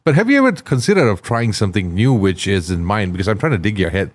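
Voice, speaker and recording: A man's voice: fairly low pitch, very animated, quick pace. A man hosting a podcast, chatting loosely and jokingly with slang. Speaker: podcast host. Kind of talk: casual interview chat.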